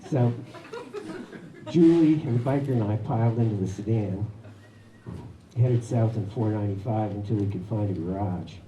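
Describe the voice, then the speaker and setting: A man's voice: on the low side, normal speed, long pauses, mellow, far from the mic, dull audio. A man telling a personal story at a live story hour, wry and chuckling often. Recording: echoey room with background noise.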